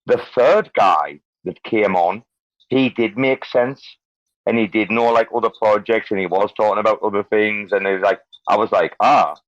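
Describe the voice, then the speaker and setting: Man, low voice, dry muffled online audio, rambling, swears a lot. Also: normal speed, no room sound. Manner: swears freely, rambling and blunt. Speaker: host. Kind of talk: casual crypto chat on a live audio stage.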